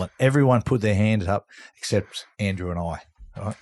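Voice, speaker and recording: Low-voiced Australian man spinning a yarn. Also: normal speed. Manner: animated yarn-spinner who acts out other people's lines. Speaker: guest, former rugby league player. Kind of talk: casual storytelling on a podcast.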